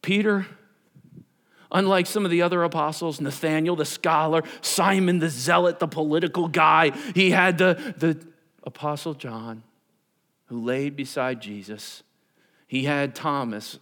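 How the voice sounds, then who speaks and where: A man preaching a sermon to his congregation, animated and conversational, acting out Bible characters in everyday voices. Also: a little high, a little slow. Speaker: pastor.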